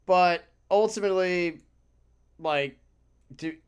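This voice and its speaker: Speaking slowly and smoothly in a mid-range voice, a podcast co-host chats casually, rambling along with animated energy, casual profanity, and plenty of laughs.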